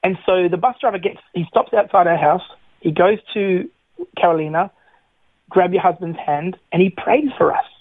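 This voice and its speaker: In a high voice at normal speed, a middle-aged man tells his testimony as a guest, dramatizing the lines he quotes with animated storytelling. The recording is dry and has a tinny phone-line quality.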